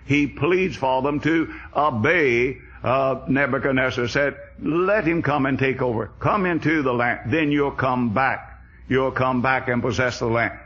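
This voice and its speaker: A man's voice: medium pitch, fairly bright tone, husky. A man teaching a Bible lesson in an earnest expository sermon style. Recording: dull lo-fi recording.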